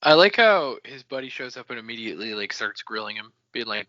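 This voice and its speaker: A man's voice: mid-range voice, big pitch swings, a little fast, sharp tone, dry recording, highs cut off. A man co-hosting a casual book podcast, easygoing and chiming in. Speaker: podcast co-host.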